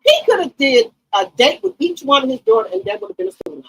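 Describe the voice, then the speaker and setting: A woman hosting a gossip channel, giving casual, loud, profane commentary on reality TV and talking straight to her chat. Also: high-pitched, very animated, fast talker, low-quality recording. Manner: loud, profane, emphatic hype.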